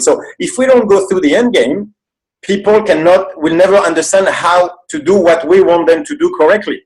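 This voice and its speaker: A man's voice: sits high, normal speed, a little mellow, low-quality recording. A man with a French accent, a guest strength coach on a podcast, explaining training with earnest, plain-spoken detail. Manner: earnest, explanatory, swears casually.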